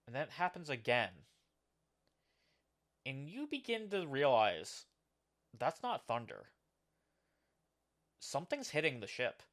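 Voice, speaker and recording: A man's voice: medium pitch, wildly swooping pitch, slow, long pauses, a bit bright. Male game master, filler-heavy narration. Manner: descriptive narration with frequent "uh" and "like" fillers.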